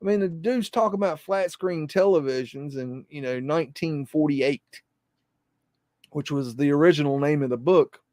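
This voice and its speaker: A man hosts a live podcast and rambles, repeating himself and swearing freely. His voice sits a bit high. The sound is dry and close. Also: normal speed, a little mellow, no echo. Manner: rambling, repetitive, profane. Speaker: podcast host.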